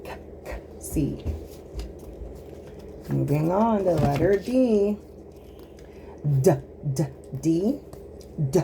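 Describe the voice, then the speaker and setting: A woman's voice: sits low, drawn-out words, gravelly, pauses often, mellow, a little hiss or hum. An American woman at home, sounding out the letters of the alphabet in a casual phonics lesson with a small child nearby. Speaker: home teacher of American pronunciation.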